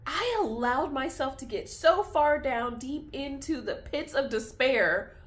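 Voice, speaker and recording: A woman's voice: high-pitched, animated, measured pace. A young woman talks candidly in a personal vlog, confessional and tearful, laughing through tears as her feelings swing back and forth. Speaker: vlogger.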